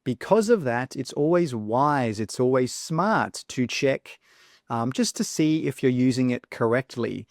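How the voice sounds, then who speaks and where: A man teaching an English exam lesson, clearly explaining points and slowly modelling word pronunciation. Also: mid-range voice, animated, a little mellow, no echo, studio quality. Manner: clear, instructive, stresses words slowly when modelling pronunciation. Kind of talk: video lesson.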